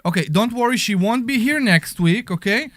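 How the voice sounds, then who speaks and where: Radio host, male, Israeli accent, self-mocking humor, high and animated, dry studio sound. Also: moderate pace, no room sound. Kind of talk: casual radio chat.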